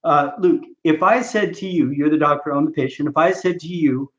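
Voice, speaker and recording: A man's voice: fairly high pitch, a little fast, fairly bright tone. Emphatic coaching man, roomy lo-fi. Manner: emphatic, coaching, asks if listeners follow. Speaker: chiropractic coach, podcast guest. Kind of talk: teaching and role-play demonstration. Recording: roomy, dull lo-fi sound.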